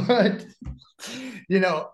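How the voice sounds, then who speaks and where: A man telling an anecdote in casual conversation, animated, laughing often and using many fillers. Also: sits high. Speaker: guest storyteller.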